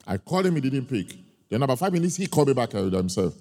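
A man preaching a sermon, telling a personal story with emphatic, drawn-out key points. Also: medium pitch, big pitch swings, dark tone. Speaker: pastor. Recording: long hall reverb.

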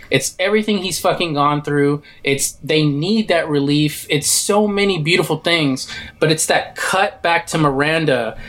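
An excitable man on a casual film podcast, with a slightly higher voice. He swears freely and gushes about his favorite scenes. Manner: enthusiastic, swearing, acts out quotes. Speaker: podcast co-host.

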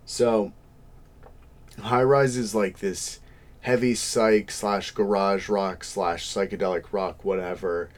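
A man's voice: lowish voice, steady tone, takes it slowly. A young adult man co-hosting a podcast, chatting casually and rambling, with some self-deprecating asides. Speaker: podcast co-host. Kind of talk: casual chat.

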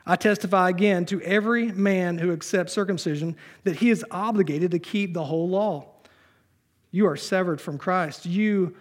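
Man, high voice, pastor, sermon, reads scripture, joking asides, church. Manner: conversational preaching with humor, reading scripture aloud.

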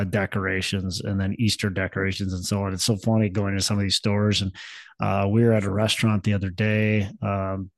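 A man's voice: mid-range voice, darkish tone, dry recording. A man in his thirties from Minnesota, co-hosting a podcast in casual chat, rambling and upbeat with many restarts. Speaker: podcast co-host.

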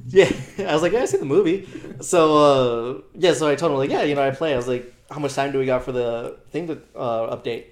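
A man's voice: mid-range voice, fairly quick, hardly any pauses. Young male podcast co-host, loose slangy storyteller, swears a lot, does the other people's lines. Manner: animated, slangy, swears freely, acts out quoted dialogue. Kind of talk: casual storytelling chat.

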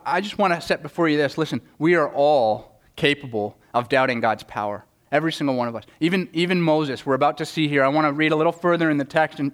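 This sermon comes from a pastor whose voice is a little high and fairly bright. Earnest throughout, he repeats words as he begins each thought and takes on the voices of those he quotes.

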